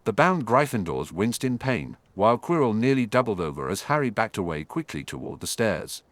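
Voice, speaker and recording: A man reads an audiobook as scripted narration, telling the story with animation. His voice is low and moves in lively swings. The sound is dry and close. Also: moderate pace, no echo.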